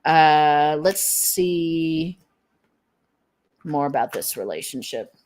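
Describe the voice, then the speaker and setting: Woman, low voice, tarot reader, casual chat, giggly, wandering train of thought. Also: expressive, extremely slow, darkish tone. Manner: rambling, laughs often, trails off searching for words. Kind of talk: casual collective tarot reading. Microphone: streaming setup.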